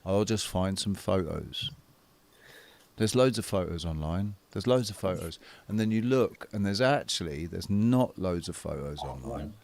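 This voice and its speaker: A man in a casual group chat, rambling and swearing often, with quick impressions of other people. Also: deep voice, lively intonation, a little mellow. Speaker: guest on a flat earth chat stream.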